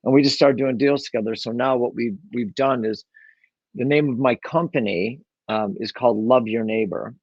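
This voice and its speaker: A man's voice: mid-range voice, normal speed, a little mellow, dry recording, dull audio. A man telling his story as an interview guest, rambling along with lots of fillers and restarts. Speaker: guest, real estate investor. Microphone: own microphone.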